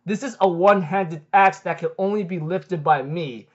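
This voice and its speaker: A man retelling the lines of an arrogant, boastful male warrior in a slow, proud way. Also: high voice. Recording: dull lo-fi recording.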